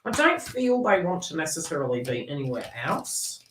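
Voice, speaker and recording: A middle-aged woman talks a viewer through a psychic reading in a casual, blunt way, laughing often and swearing lightly. Her voice is bright and sharp and sits a little low. She is far from the mic in an echoey room. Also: sing-song, moderate pace, slight background noise. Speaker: psychic reader.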